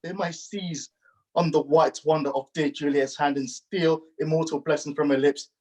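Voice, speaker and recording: A man sight-reading Shakespeare, playing a young man banished from his love, reading the verse in a halting, careful way over a video call. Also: on the high side, steady tone, darkish tone, voice pushed down, natural voice, low-quality recording. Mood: anguished. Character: young lovesick man Romeo, banished and despairing. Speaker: acting workshop participant.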